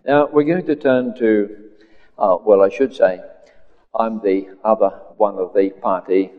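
A man with an Australian accent preaching a sermon in an unhurried, conversational way, with frequent fillers. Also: lowish voice. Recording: dull lo-fi recording with hall reverb.

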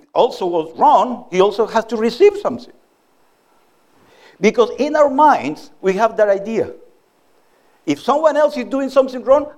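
A middle-aged man delivers a sermon in a notably high voice. He teaches earnestly and plainly, building his points from everyday examples. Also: a little mellow. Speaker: preacher.

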